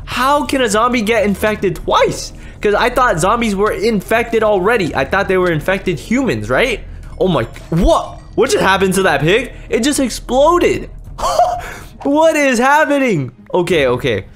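A young man commentating a game, easily startled, swinging from hushed mutters to sudden yells. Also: sits high, animated, normal speed, soft background music. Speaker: gaming YouTuber. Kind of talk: Minecraft gameplay commentary.

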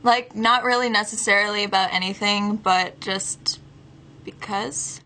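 A tired woman talks casually to her camera from her bedroom, wandering from one thought to the next. Her voice sits at a middle pitch and is packed with "like" and "um". A faint hiss runs under the recording. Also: fairly even intonation, unhurried, bright, forceful tone. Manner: rambling, lots of "like" and "um" fillers. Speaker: vlogger.

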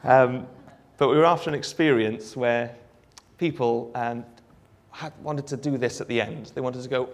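A Welsh man giving a live demonstration of a phone app, explaining in a relaxed way with frequent ums. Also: medium pitch, moderate pace. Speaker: app developer giving a presentation. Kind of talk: live product demo talk.

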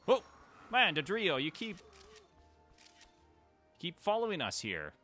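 A man's voice: high voice, slow pace, soft background music. Chatty man talking over a game. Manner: chatty, talks to the creatures on screen, excited exclamations. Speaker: gaming channel host. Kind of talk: let's play commentary.

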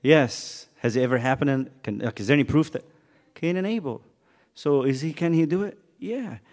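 A man's voice: on the high side, lively intonation, normal speed, darkish tone. A man teaching a casual youth Bible lesson in a church hall, joking and quizzing the kids as he retells the story.

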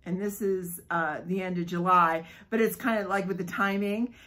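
A woman filming a casual unboxing vlog, gushing and giggling excitedly as she talks. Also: on the low side, moderate pace, low-quality recording. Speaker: vlogger unboxing a subscription box.

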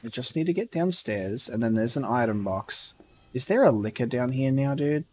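A man's voice: mid-range voice, lively intonation, normal speed, soft background music. A man giving casual commentary while playing a horror game, swearing often and reading in-game letters aloud. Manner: swears often, laughs and shouts at scares. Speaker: gaming streamer. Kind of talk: casual let's play commentary.

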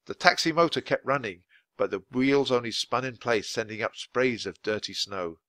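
A man reading a children's chapter book aloud for English learners, in clear, expressive storytelling. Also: medium pitch, normal speed, dry recording. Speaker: audiobook reader.

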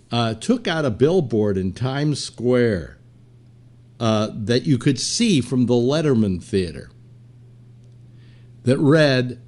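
A man's voice: mid-range voice, a little mellow. An older man hosting a talk show, telling anecdotes in a loose, rambling way full of fillers and playful quoted voices. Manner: storytelling, many fillers, mimics quotes. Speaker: podcast host. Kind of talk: casual rambling chat.

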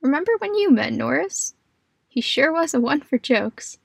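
A shy, polite young woman with a gentle, fairly high voice, played by a woman narrator. The sound is dry and close. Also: expressive, normal speed, gravelly, no echo, full character voice.

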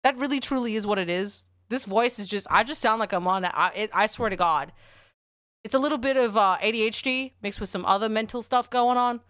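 A woman with an Australian accent chatting on a livestream, rambling and excitable, swearing often as she talks to her chat. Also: a little high, a little fast, no echo, clean studio sound.

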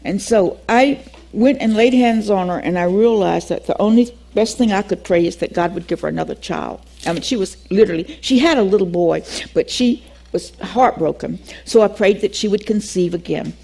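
An older woman teaching a Bible class, telling a personal story in an animated way, acting out the dialogue and laughing often. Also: mid-range voice, moderate pace, gravelly, husky.

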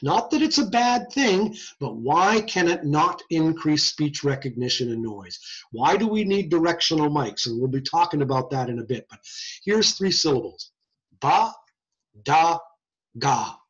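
A man lectures in a loose, joking way, his voice sitting high and swinging widely in pitch. The recording sounds somewhat dull and lo-fi, like a screen-share session. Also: normal speed. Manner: lively, conversational, jokey. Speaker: hearing science lecturer. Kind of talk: informal lecture.

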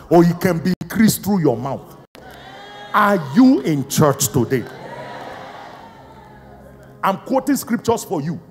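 A man preaches a Pentecostal sermon in a large church auditorium. His voice sits high and leaps around with wide pitch swings, moving between shouts and slow, hushed emphasis as he fires questions at the congregation. Long hall reverb and faint music hang behind him. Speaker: apostle and senior pastor.

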